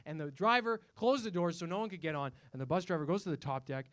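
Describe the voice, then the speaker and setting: A man's voice: on the high side, quick pace, fairly bright tone, no echo, clean studio sound. A young man from Canada doing a stand-up comedy set on a comedy club stage into a handheld mic, profane and rambling, with frequent restarts.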